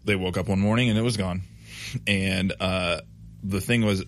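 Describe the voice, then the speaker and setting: A man's voice: sits low, fairly even intonation, normal speed, a little hiss or hum. A man in his thirties telling a loose, profane, rambling story in casual conversation. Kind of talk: casual chat.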